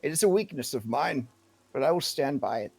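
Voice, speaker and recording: A man's voice: medium pitch, lively intonation, brisk, creaky, a little mellow, breathy edge, no room sound, voice pushed up. A man voicing a principled, steadfast young woman who speaks earnestly.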